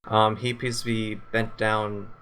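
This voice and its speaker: A man runs a tabletop game over a voice call, describing the scene in a lowish, unhurried voice. He hesitates often and fills gaps with ums. A faint hiss sits under the recording. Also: little pitch movement, fairly bright tone. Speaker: game master.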